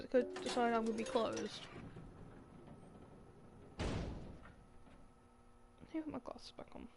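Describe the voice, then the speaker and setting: A young woman chatting her way through a live gameplay stream, talking to herself and shouting at game characters in quick bursts. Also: on the high side, vocal fry.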